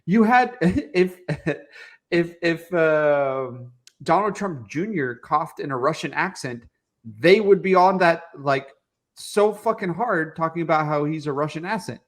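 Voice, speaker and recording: A young man co-hosts a political podcast, and his voice sits a little higher than most men's. He rants with heat and plenty of swearing, piling up clauses as his outrage builds. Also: animated, a little slow. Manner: heated, profane ranting. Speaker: podcast co-host.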